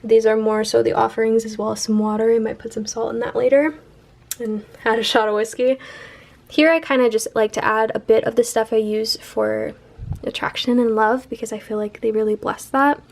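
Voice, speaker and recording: A woman's voice: on the high side, little pitch movement, a little fast, creaky, darkish tone. A young woman vlogging casually at home, chatty and playful as she shows things to the camera. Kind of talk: casual vlog chat. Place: home, indoors.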